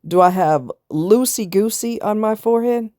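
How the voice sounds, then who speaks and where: A woman's voice: medium pitch, moderate pace, warm tone, dry recording, studio quality. A woman vlogger giving blunt, preachy casual commentary, firing off rhetorical questions and answering them herself.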